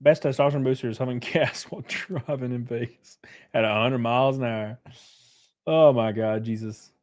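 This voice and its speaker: Profane, rambling man streaming. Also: moderate pace. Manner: loose and profane, lots of fillers, jumps between topics; animated, pitch jumps up sharply on bits. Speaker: streamer reading chat. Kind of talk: casual livestream chat.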